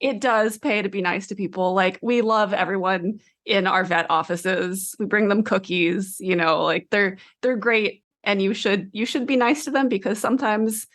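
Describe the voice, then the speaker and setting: A woman's voice: mid-range voice, steady tone, moderate pace, few pauses, fairly bright tone. A woman co-hosting a book podcast, chatting casually and laughing often. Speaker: podcast co-host. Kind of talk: casual chat.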